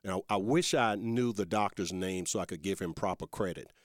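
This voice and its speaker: Man, talk radio host, low voice, folksy, rambling then heated, dry studio sound. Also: brisk, no room sound. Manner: folksy, addresses listeners as folks; rambling with restarts, rising to emphatic and heated.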